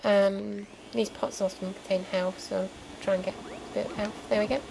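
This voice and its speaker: A young woman with a mid-range voice and flat delivery offers casual let's play commentary at a moderate pace, chatty and explanatory with plenty of ums and asides. Game music plays clearly behind her amid a noisy background.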